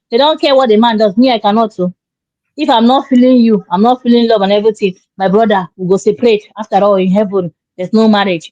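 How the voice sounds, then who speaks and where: A woman's voice: on the high side, darkish tone, no echo. A woman giving emphatic, preachy marriage advice in casual talk, acting out quoted dialogue. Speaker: relationship commentator. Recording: dull dry lo-fi sound.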